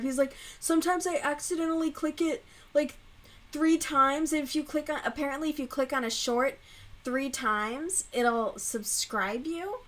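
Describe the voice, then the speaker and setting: A young woman hosting a casual live stream while she crochets, rambling and swearing freely, and getting loud and animated when she rants. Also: a little high, low-quality recording. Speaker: livestream host.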